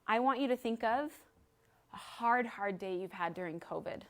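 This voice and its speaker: A woman's voice: fairly high pitch, moderate pace, a bit bright. A woman in her thirties giving an earnest talk to a live audience, telling a story and guiding them through an exercise. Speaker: speaker at a library event.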